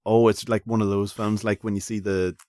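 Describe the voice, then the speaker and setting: A man's voice: on the low side, level tone, a little fast, darkish tone, no room sound, clean studio sound. A man with a Northern Irish accent, a guest on a film podcast, chatting eagerly about movies. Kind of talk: casual film review chat.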